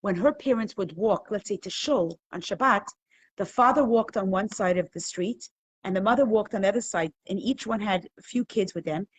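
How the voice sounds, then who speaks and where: A middle-aged woman teaching a live online Torah class, telling stories with animated laughter. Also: medium pitch, moderate pace, slightly rough.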